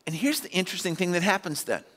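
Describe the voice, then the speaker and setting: Male pastor, relaxed conversational sermon, slightly high voice, reverberant sanctuary. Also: fast talker. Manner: conversational preaching with acted-out asides. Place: church sanctuary. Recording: long hall reverb.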